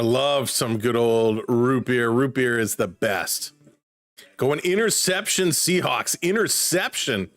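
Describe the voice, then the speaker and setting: A man casually calling football play-by-play on a live stream, chatting excitedly with viewers. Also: medium pitch, no room sound.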